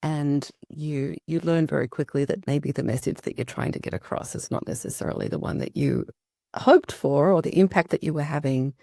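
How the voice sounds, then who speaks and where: A woman's voice: low voice, moderate pace, gravelly, dark tone, dry recording, studio quality. A middle-aged Australian woman, a podcast guest, talking in an upbeat, chatty way with plenty of fillers. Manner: upbeat, talkative, frequent fillers. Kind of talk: conversational interview.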